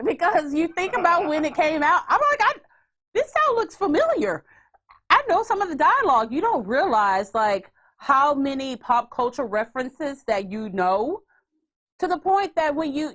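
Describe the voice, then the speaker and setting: Brief: woman podcast host, fairly high voice, loose and animated, casual profanity. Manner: chatty and animated, swears freely. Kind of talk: casual chat.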